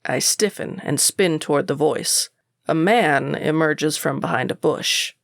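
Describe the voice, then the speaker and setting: Woman narrator, gravelly, sardonic first-person audiobook read, dry. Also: deep voice, a little slow, dry recording.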